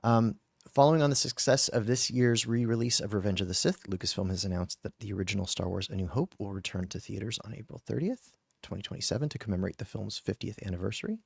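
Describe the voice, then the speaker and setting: A man's voice: fairly low pitch, quick pace, creaky, few pauses, slightly rough, no room sound, clean studio sound. A man hosting a fan podcast, reading a news roundup from his notes with frequent fillers and restarts.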